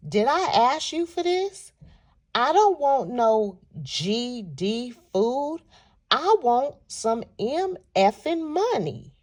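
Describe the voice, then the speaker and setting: Brief: woman doing a curt, scornful homeless man, higher-pitched. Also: expressive, measured pace, a little mellow. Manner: blunt, scornful. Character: rude demanding homeless man.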